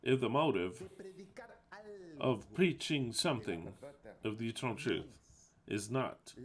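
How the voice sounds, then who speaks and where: A man preaching in a fiery, mocking rant, swearing often and swinging between low mutters and loud outbursts.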